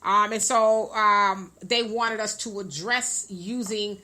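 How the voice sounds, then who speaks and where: A woman co-hosting a casual talk show, reading out viewer comments in a lively, blunt, teasing way. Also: medium pitch, slow pace. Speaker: co-host.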